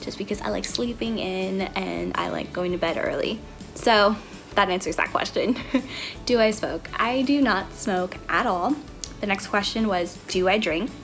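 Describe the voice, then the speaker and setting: A woman's voice: medium pitch, unhurried, vocal fry, fairly bright tone, soft background music. A woman in her twenties chatting casually to camera in a get-to-know-me vlog, bubbly and giggly, rambling from topic to topic. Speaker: vlogger. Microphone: camera mic, talking to camera.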